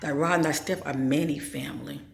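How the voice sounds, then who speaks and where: A woman's voice: low-pitched, fairly even intonation, fairly quick, vocal fry, slight background noise. A woman hosting her own channel and giving an informal spiritual talk, asking rhetorical questions and checking in with "okay?" as she goes. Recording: echoey room.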